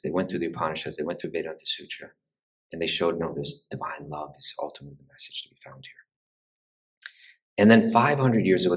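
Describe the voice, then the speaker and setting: A man with a very low voice teaches a lecture on the history of spirituality. He speaks in a conversational way, often restarting sentences and repeating words as he thinks, and keeps checking in with "you know" and "right". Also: rough recording.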